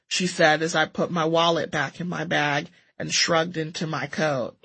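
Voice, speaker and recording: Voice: medium pitch, level tone, moderate pace, gravelly, hardly any pauses, a bit bright, breathy edge. A narrator reading a first-person story aloud with a wry, sardonic delivery.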